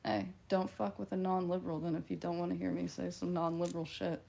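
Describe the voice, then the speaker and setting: A woman's voice: on the low side, little pitch movement, fast talker, creaky, mellow. A woman with a Midwestern twang, casually chatting on a livestream and answering viewer comments in a blunt, offhand, profane way.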